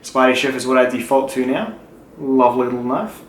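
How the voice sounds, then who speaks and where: A man's voice: medium pitch, brisk. A young Australian man answering viewer questions in a loose, joking way, swearing freely. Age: young adult. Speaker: channel host. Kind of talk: casual Q&A chat. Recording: echoey room with faint noise.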